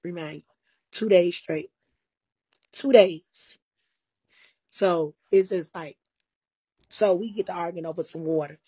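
A woman guest telling a long story in a casual, animated, profane way, full of quoted back-and-forth dialogue and sounding tired. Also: lowish voice, moderate pace, husky, no echo, poor audio.

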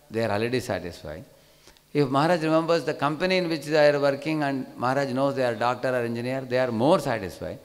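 A man with an Indian English accent teaching a scripture class, talking conversationally and often asking "correct, no?". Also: mid-range voice. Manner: conversational, frequent tag questions. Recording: hall reverb.

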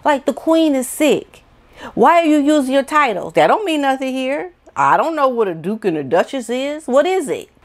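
A woman's voice: sits high, sing-song, moderate pace. A woman giving an indignant, incredulous opinion commentary monologue full of rhetorical questions. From United States. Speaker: vlogger, commentator.

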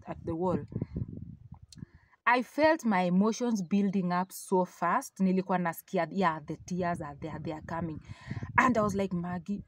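A woman with a Kenyan accent giving a personal faith testimony, telling her story in an animated way and slipping Swahili phrases into her English. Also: medium pitch, background noise.

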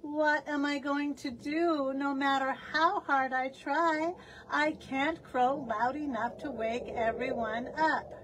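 Woman putting on a timid young rooster, whiny, tearful, very high, slow, storybook. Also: steady tone, background noise. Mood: worried. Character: timid young male rooster, small-voiced and worried.

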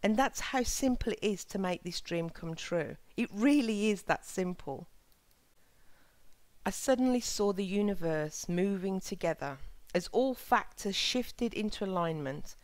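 A woman's voice: lowish voice, no echo. Earnest woman giving a spiritual talk. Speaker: spiritual channel host.

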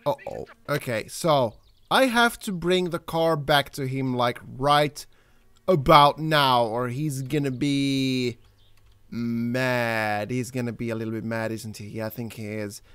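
A young man hosting a let's play, talking through his game, excitable and quick to swear and yell at the characters. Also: medium pitch, smooth, no room sound. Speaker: gaming channel host.

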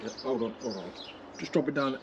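A man shouting at people to leave his property, furious and swearing at every turn. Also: medium pitch, a little fast, highs cut off, background noise. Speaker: homeowner targeted by prank. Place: outdoors in a front garden.

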